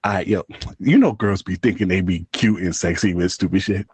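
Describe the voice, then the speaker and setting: A man's voice: unhurried, breathy edge, no room sound. A man co-hosting a casual podcast, trading crude jokes and breaking into laughter as he teases. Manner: laughing, teasing, lively swings in pitch. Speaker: podcast co-host.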